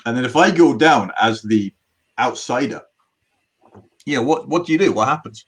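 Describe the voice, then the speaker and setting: Husky middle-aged man. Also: medium pitch, lively intonation, moderate pace, fairly bright tone. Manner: rambling storyteller with many restarts. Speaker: magician guest. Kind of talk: casual anecdotal chat.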